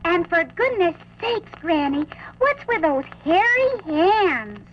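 A woman's voice: very high voice, very animated, takes it slowly, exaggerated voice. A woman voicing a naive, slangy young girl on a comic storybook record, asking innocent, curious questions. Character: naive, slangy young girl, Little Red Riding Hood. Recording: dull lo-fi vintage record with faint hiss.

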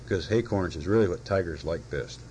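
Man doing a bouncy young storybook tiger, cheerful, confident, matter-of-fact, low voice. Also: brisk, darkish tone, slight background noise, lightly acted. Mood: decided.

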